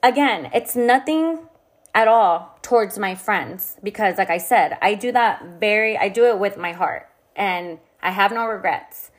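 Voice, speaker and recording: A young woman speaking frankly and casually, as if confiding in friends. Her voice sits at an ordinary middle pitch, and her talk is loose and full of fillers. She tells her story with blunt, unfiltered candor. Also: animated, measured pace. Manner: casual and frank, heavy swearing, filler-laden. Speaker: vlogger. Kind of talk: candid personal storytelling.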